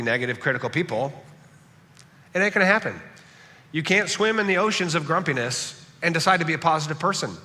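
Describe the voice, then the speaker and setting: Pastor guy giving a sermon, lively, keeps saying right?, echoey hall. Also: medium pitch. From Southern California. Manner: animated, joking asides, frequent "right?". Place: large church hall.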